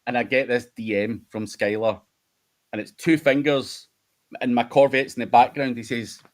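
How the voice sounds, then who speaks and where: A man's voice: mid-range voice, fairly even intonation, moderate pace. Scottish guy hosting a live q&a, swears constantly, laughs through his stories. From United Kingdom. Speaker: host. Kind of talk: casual livestream chat.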